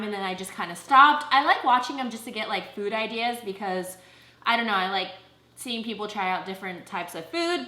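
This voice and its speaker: A woman's voice: a little high, bright, forceful tone. A young woman hosting a casual food vlog at home, chatty and upbeat with lots of fillers. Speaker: YouTube vlogger host. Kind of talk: casual mukbang vlog chat. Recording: echoey room.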